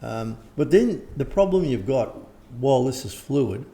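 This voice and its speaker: An older man, talking casually and rambling as an interviewed teacher, often clearing his throat. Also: medium pitch, animated, measured pace, warm tone. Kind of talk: casual conversation.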